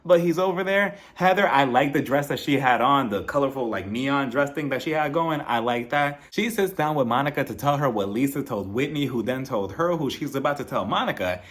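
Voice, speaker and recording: A man's voice: mid-range voice, expressive, a little fast, few pauses, a bit bright. A man recapping a reality TV episode in a sassy, gossipy chat, laughing often between remarks. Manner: sassy and gossipy, mimics the cast in quoted lines. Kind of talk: casual recap commentary.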